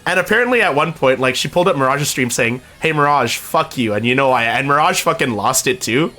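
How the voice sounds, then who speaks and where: Young male streamer, lively bright voice, rambling casual chat. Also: mid-range voice, a little fast. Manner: rambling, animated storytelling with voiced quotes.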